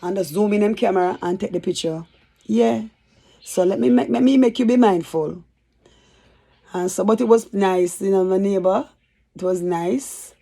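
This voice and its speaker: A woman's voice: mid-range voice, normal speed, vocal fry, mellow. A woman telling a rambling, chatty story for her vlog. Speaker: YouTuber.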